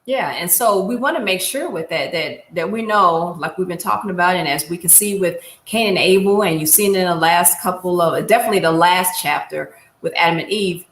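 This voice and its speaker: A woman's voice: fairly low pitch, fairly quick, hardly any pauses, roomy sound, a little hiss or hum. A woman giving a casual Bible lesson, speaking directly and encouragingly to her listeners. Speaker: Bible teacher.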